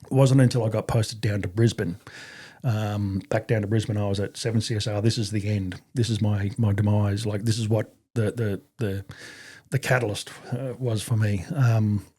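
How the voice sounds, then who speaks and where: A middle-aged Australian man telling his story as a podcast guest in a halting way, with many restarts and fillers and blunt swearing. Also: lowish voice, steady tone, mellow, breathy edge. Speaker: podcast guest, army veteran. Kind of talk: casual conversational storytelling.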